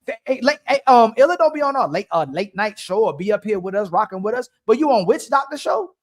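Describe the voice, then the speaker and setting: A man co-hosting a live stream, talking in a heated, rapid way and often repeating himself. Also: sits high, animated. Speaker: stream co-host.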